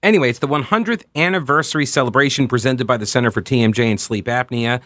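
A man's voice: mid-range voice, quick pace, no echo. Man, forties, radio talk show host, candid anecdotal monologue, mid-range voice, dry close mic. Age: 40s. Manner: candid, anecdotal, animated asides. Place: radio studio. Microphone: close studio microphone.

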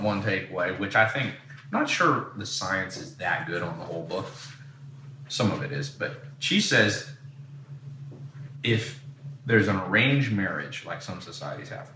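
Blunt guy rambling thru stories on a podcast, bright voice, echoey room, kinda off mic. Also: on the low side, distant mic, slight background noise. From San Diego, USA. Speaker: podcast host. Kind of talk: casual chat.

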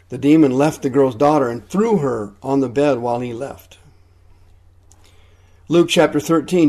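A man's voice: medium pitch, warm tone. A man preaching a radio sermon, teaching with emphatic repetition. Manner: emphatic, repeats key points.

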